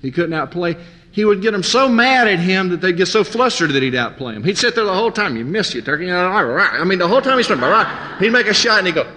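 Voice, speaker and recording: A man's voice: high voice, brisk. A man telling stories from his youth in a sermon, acting out his friends' voices as he goes. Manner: animated storyteller, mimics friends. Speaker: preacher. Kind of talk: sermon with storytelling. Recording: long hall reverb.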